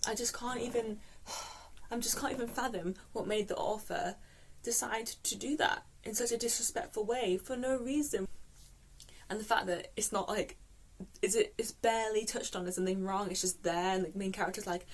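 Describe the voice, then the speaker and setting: A young woman from the UK vents on her book vlog, exasperated and swearing. Her talk stumbles into restarts as she searches for words, and her voice sits at an ordinary middle pitch. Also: steady tone, normal speed. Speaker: book vlogger. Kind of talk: ranting vlog.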